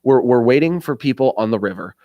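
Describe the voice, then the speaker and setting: A man with an Indiana accent tells a rambling story in casual talk-radio style. He jumps into other people's voices and laughs along the way. His voice sits at a middle pitch and sounds close and dry. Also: fairly quick, dry recording, lo-fi sound. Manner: animated storyteller, acts out voices, laughs often. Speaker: radio show host.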